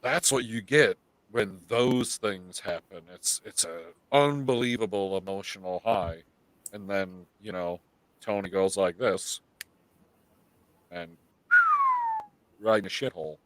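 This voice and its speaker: A man hosting a live podcast, telling stories in an animated, swearing, casual way. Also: deep voice, a little slow, pauses often, dry recording. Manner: animated storytelling, heavy swearing. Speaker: podcast host.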